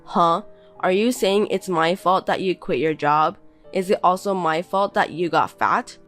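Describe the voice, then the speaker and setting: Scornful bossy husband, woman reading it, low-ish voice, talks down to his wife. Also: unhurried, a bit bright, faint music behind. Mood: contemptuous. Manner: belittling, bossy and contemptuous. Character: scornful insulting young husband. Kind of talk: reading a text-message story.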